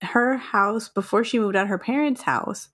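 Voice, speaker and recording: A woman from Texas co-hosting a podcast, chatting casually with frequent laughs and quick asides. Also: mid-range voice, fairly bright tone, husky. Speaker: podcast co-host. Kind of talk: casual chat.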